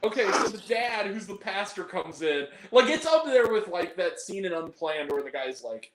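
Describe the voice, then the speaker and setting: A man giving a casual film review, animated, laughing often and acting out scenes in lively quoted voices. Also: high-pitched, moderate pace, few pauses. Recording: echoey room with faint noise.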